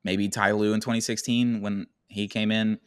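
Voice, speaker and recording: A man's voice: on the low side, level tone, normal speed, smooth, no room sound, clean studio sound. A man co-hosting a casual sports podcast, rambling and thinking aloud with restarts and the odd swear word. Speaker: podcast co-host.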